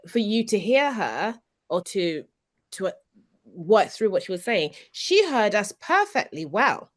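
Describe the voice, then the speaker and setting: Earnest woman on a podcast panel. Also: fairly high pitch. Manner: earnest, restarts often, stresses key words. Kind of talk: casual panel discussion.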